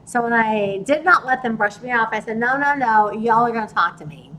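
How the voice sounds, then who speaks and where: Animated woman recounting a deal. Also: fairly high pitch, brisk, a little hiss or hum, low-quality recording. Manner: animated, retells conversations in dialogue. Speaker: real estate investor. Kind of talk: casual storytelling to camera.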